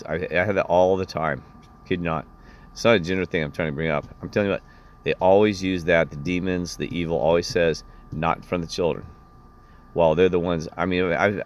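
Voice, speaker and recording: A man with a very deep, low voice recounts a personal run-in in a rambling, indignant way. He circles back and restarts his sentences as he goes. Faint background noise sits under his voice. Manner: indignant, meandering storytelling with many restarts. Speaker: vlogger.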